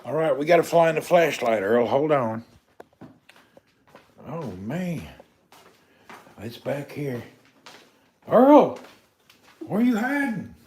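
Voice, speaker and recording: A man live streaming casually from his dark house during a power cut, talking to viewers and calling out high and loud to his pet. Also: slow pace, pauses often. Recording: echoey room.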